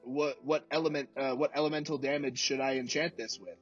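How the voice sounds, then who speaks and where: A man's voice: mid-range voice, fairly even intonation, brisk, faint music behind, natural voice. A man doing a stammering dwarf enchanter. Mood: hesitant. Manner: stammering, full of hesitant fillers. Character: fussy hesitant male dwarf enchanter. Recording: dull lo-fi mic.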